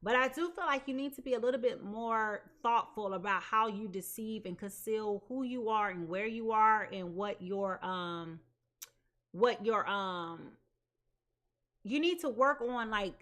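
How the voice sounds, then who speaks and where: A woman's voice: fairly high pitch, pushed and bright. A woman giving a live tarot reading, talking in an emphatic, repetitive way with casual slang. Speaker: tarot reader.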